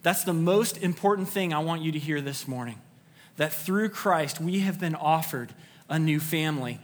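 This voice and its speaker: A man's voice: on the high side, normal speed. Earnest male pastor preaching in a hall. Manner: earnest, emphatic preaching with repetition. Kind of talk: sermon. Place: church sanctuary.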